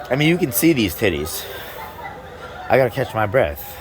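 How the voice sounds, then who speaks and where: A man's voice: medium pitch, very animated, normal speed, long pauses, crowd noise, background noise. A man doing a stand-up comedy set in a club, rambling, breaking off mid-sentence and laughing at his own jokes.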